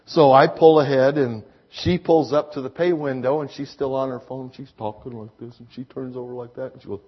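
A man's voice: mid-range voice, fairly even intonation, brisk, slightly rough. A man preaching a sermon, telling folksy personal stories with emphatic rises in his voice. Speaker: pastor. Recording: slightly dull lo-fi sound.

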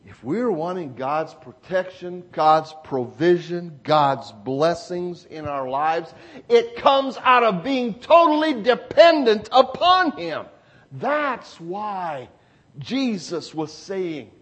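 A man preaching a sermon with emphatic, repeated phrases, swinging from loud exclamations to hushed asides. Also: high-pitched, expressive, takes it slowly.

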